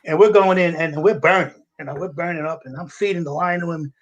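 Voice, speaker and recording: A man's voice: a little high, fast, highs cut off. Older New man telling war stories. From United States. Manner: animated storyteller with a gruff, salty edge, acting out voices and laughing. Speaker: podcast guest, retired fire captain. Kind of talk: casual storytelling.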